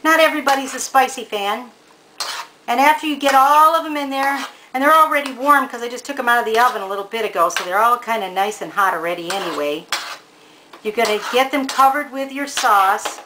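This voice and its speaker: A woman's voice: on the high side, fairly quick, background noise. A woman giving a casual cooking demonstration in a home kitchen, chatty and homey, talking straight to the viewer. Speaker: home cook presenting a recipe.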